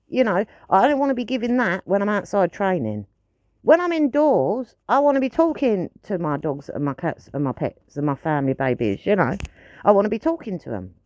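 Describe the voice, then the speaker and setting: A woman's voice: mid-range voice, sing-song, moderate pace, a little mellow, no echo, dull audio. A woman ranting to camera in a blunt, frustrated way, swearing freely. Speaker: pet owner vlogger.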